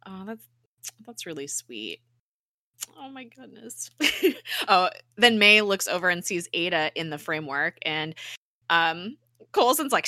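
A woman's voice: deep voice, pushed and bright, dry recording, clean studio sound. A woman co-hosting a casual TV recap podcast, animatedly retelling scenes and acting out the characters' lines. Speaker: podcast co-host.

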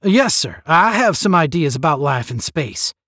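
A man reading as a smooth, cocky young cadet. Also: on the high side, big pitch swings, normal speed, pushed and bright, dry recording, studio quality, pitched above the performer's own voice, full character voice. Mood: confident. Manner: smooth, self-assured. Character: confident, smooth-talking young male space cadet.

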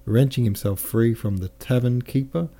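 A man reading a classic novel aloud as a podcast narrator, measured and careful, now and then correcting himself. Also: mid-range voice, warm tone. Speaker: audiobook narrator.

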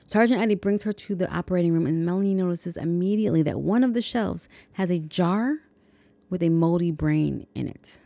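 A woman's voice: on the low side, brisk, gravelly, dark tone, dry recording. A woman hosting a podcast, casually retelling a movie's plot with chatty, jokey asides. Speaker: podcast host.

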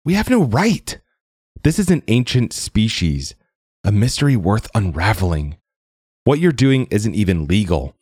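A man's voice: fairly low pitch, big pitch swings, a little slow, darkish tone, slightly rough, no room sound, studio quality, voice pushed up, heavily acted. A man voicing a stubborn, defiant old woman scientist who talks insistently in a storybook reading. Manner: insistent, urgent.

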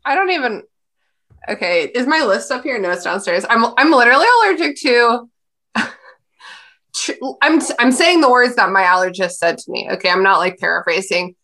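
A woman's voice: fairly high pitch, moderate pace, bright, forceful tone. A woman co-hosting a podcast in casual chat, rambling with fillers and laughing at herself. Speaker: podcast co-host.

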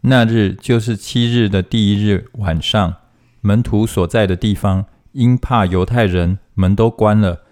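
A man reading Bible passages aloud in a steady, formal manner, phrase by phrase. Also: fairly low pitch, a little slow. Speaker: scripture reader.

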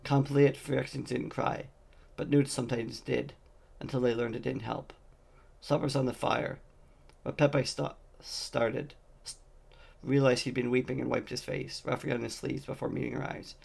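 A man's voice: medium pitch, creaky, a little mellow, husky. A man reading a fantasy novel aloud, voicing the dialogue lightly in his own voice. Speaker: audiobook reader.

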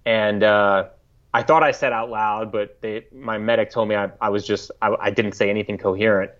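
Low-voiced man, halting reflective storytelling. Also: fairly even intonation. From United States. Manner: halting, reflective, frequent restarts. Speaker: podcast guest. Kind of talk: casual interview storytelling. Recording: slightly dull lo-fi audio.

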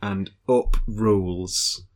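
A man co-hosting a casual book podcast. He talks in a chatty, relaxed way and scatters fillers through his sentences. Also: on the low side, extremely slow.

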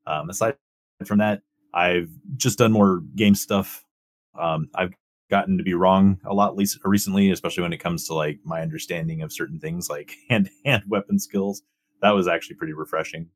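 A young man co-hosting a casual chat, relaxed and hesitant, with many ums and uhs. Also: sits low, moderate pace. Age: young adult. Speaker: co-host.

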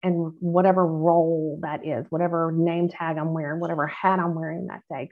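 A woman's voice: low-pitched, steady tone, fairly quick, hardly any pauses. A woman nurse talking in a casual podcast conversation, earnest and emphatic, speaking from a faith-centered outlook. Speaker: nurse guest. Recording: tinny phone-like line.

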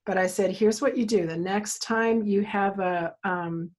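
Husky-voiced woman telling a parenting story. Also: medium pitch, measured pace. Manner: animated storyteller, acts out quoted dialogue. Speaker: therapist for kids, interview guest. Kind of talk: conversational interview, storytelling.

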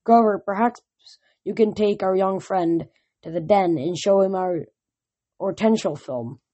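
A woman reading aloud, voicing a wise older male centaur teacher in a gentle, measured way, her tone husky. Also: medium pitch, lightly acted. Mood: concerned.

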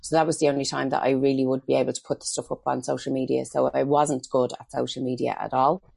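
A woman's voice: a bass voice, little pitch movement, quick pace, creaky, warm tone, breathy edge, dry recording. A middle-aged Irish woman, a makeup artist, chatting as an interview guest and telling stories with acted-out quotes. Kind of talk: casual interview chat.

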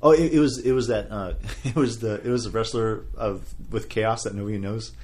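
A man's voice: on the low side, fairly even intonation, a little fast, darkish tone. A man hosting a casual wrestling podcast, talking in a loose, rambling way. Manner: rambling, many fillers and restarts. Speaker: podcast host. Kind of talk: casual chat.

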